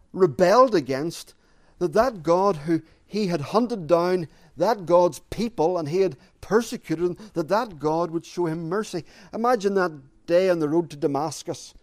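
Slow, earnest man preaching a sermon. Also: fairly high pitch. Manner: earnest, repeats phrases for emphasis.

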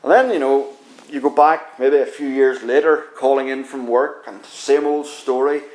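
A man preaching a sermon, telling a dramatic story in the second person that builds tension and slows down for emphasis. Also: medium pitch, darkish tone, roomy sound.

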